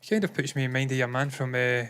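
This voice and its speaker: A man's voice: mid-range voice, level tone, quick pace, a bit bright, clean tone. A man co-hosting a casual movie news chat, opinionated and jokey. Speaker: co-host.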